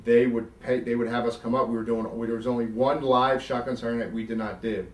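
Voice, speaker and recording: A man's voice: medium pitch, fast talker. Middle-aged guy from south jersey telling stories, swears a lot, sounds a bit distant and roomy. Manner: animated, swears freely, acts out quotes. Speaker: guest, former wrestler. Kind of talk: storytelling interview.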